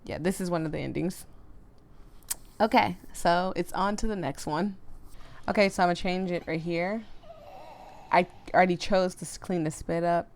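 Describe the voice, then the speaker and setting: A woman's voice: on the low side, fairly even intonation, normal speed. A woman playing a visual novel, reading its narration aloud and reacting emotionally. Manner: emotional, reacts openly to the story. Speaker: let's play gamer.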